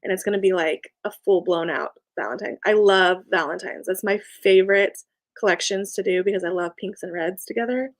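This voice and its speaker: A woman's voice: mid-range voice, fairly quick. A young woman chatting casually on a live stream, reading viewer comments, bubbly and laughing often. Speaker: small business owner and live streamer.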